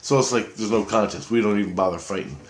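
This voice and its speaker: A man's voice: on the low side, quick pace, echoey room. A man telling a long, rambling personal story in a casual, profane way, restarting his sentences as he goes. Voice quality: profane, excitable, talks in restarts. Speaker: vlogger.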